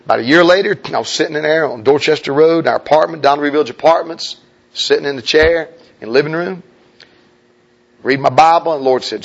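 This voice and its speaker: A male preacher telling a personal story in a sermon, swinging between hushed confiding tones and loud urgent appeals. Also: on the high side, brisk, creaky. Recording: dull lo-fi recording.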